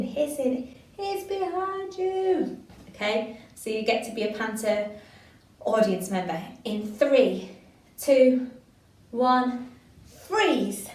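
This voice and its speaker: A woman leading a drama game, calling out countdowns and warm praise in a fairly high voice. She sounds set back from the mic in a very echoey room. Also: far from the mic. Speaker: drama workshop leader.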